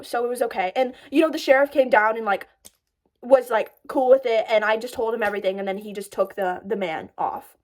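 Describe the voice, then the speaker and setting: Young woman, twenties, high bright voice, breathless and animated storytime vlogger, filler-heavy. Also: a little fast. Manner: breathless, animated, lots of "like", laughs while telling. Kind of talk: casual storytime vlog.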